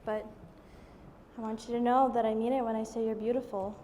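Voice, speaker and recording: A woman's voice: fairly high pitch, level tone, brisk, mellow, a little hiss or hum, close to an everyday voice. A young woman playing an affectionate Filipina daughter who talks earnestly and tearfully. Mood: emotional. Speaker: daughter in a stage scene. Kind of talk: student theater acting.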